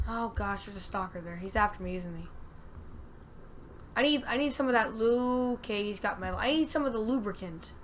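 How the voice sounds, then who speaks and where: A woman giving casual gameplay commentary, excitable and talking to herself, with loud frustrated outbursts. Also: medium pitch, fairly quick, a little hiss or hum. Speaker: let's play gamer.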